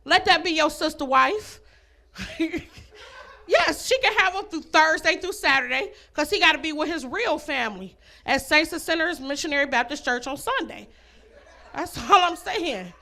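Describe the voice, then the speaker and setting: A woman's voice: sits high, animated, moderate pace, bright, forceful tone. Brash bawdy woman doing stand-up. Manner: brash and bawdy, addressing the ladies in the crowd; laughs at her own jokes between lines. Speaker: stand-up comedian. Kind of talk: stand-up comedy set. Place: comedy club stage.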